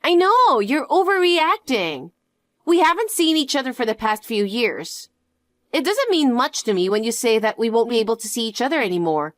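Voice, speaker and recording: A woman's voice: on the high side, very animated, normal speed, no echo, clean studio sound. A woman voicing a selfish, greedy elder sister with a mocking, dismissive manner in a scripted story.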